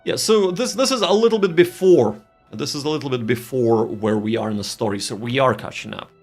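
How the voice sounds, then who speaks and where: A man's voice: medium pitch, fairly quick, a little mellow, slightly rough, soft background music. A man streaming a game and commenting casually, thinking aloud, repeating phrases and reading game text.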